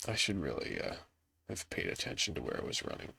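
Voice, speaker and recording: A man's voice: low-pitched, huge pitch swings, brisk, creaky, pushed and bright, breathy edge, dry recording. A congested young man chatting offhand while playing a game, rambling and self-deprecating. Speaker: gaming youtuber. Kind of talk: casual gameplay commentary. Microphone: laptop setup.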